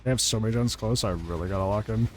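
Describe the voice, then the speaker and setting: A man's voice: fairly low pitch, quick pace, darkish tone, slight background noise. A man giving casual, jokey commentary while he plays a video game, talking to the players on screen, laughing and swearing often. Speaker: gaming YouTuber. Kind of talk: live gameplay commentary.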